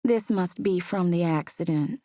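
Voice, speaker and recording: A woman's voice: fairly low pitch, unhurried, mellow, no echo, studio quality, close to an everyday voice. A woman voicing a flirty, newly divorced woman with a cooing Southern drawl.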